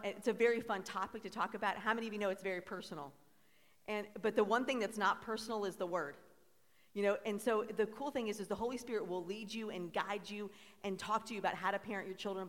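A woman pastor giving a sermon to a congregation, chatty when telling stories and fervent when she prays. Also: medium pitch. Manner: chatty storytelling, then fervent prayer. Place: church sanctuary. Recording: long hall reverb.

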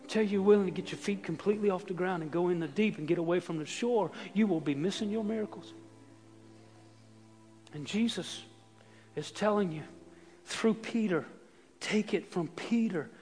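High-voiced preacher in a reverberant hall. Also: male voice, moderate pace, pauses often, soft background music. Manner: swings from hushed to shouted emphasis. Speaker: pastor. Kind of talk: sermon. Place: church sanctuary.

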